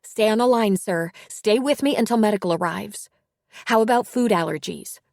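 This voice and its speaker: A woman voicing a female emergency dispatcher who asks questions in a steady, methodical way. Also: mid-range voice, moderate pace, gravelly, dry recording, clean studio sound, pitched above the performer's own voice, natural voice.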